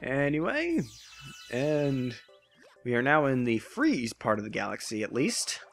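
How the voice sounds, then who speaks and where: A man's voice: mid-range voice, huge pitch swings, measured pace, vocal fry, soft background music. A man casually narrating his gameplay, rambling with frequent restarts and jokes about puns. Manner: rambling, self-correcting, jokey about puns. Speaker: let's play host.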